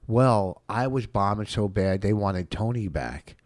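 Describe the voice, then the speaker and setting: Guy comic on a podcast, swears a lot, lowish voice, dry mic. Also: normal speed, hardly any pauses, darkish tone, dry recording. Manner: swears a lot, blunt storytelling. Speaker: podcast co-host, comedian. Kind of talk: casual chat.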